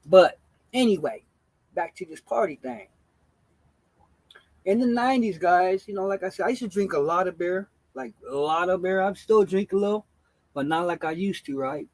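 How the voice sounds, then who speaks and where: A man's voice: high voice, normal speed, darkish tone, no room sound, rough recording. A man in his forties, a gaming streamer telling stories on a casual live stream in a laid-back, slangy way, swearing freely and greeting his chat.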